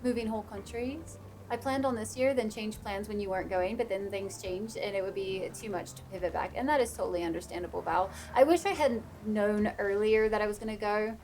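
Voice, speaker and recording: A woman streaming a game who chats casually with her viewers and laughs often. Her accent drifts playfully whenever she gets animated. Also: mid-range voice, brisk, a little hiss or hum. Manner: chatty, laughs a lot, drifts between playful put-on accents. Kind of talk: casual live-stream chat.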